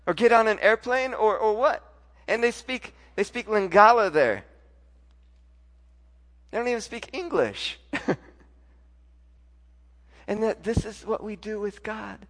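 A pastor in his thirties preaching a sermon, his slightly higher-pitched voice carrying an emotional personal story. He swings from loud, excited outbursts down to hushed, tearful passages. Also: measured pace, pauses often, big-room sound.

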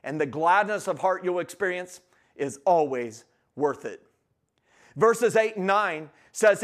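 A man preaching a sermon in an energetic, emphatic way. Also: high-pitched, unhurried. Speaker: guest preacher.

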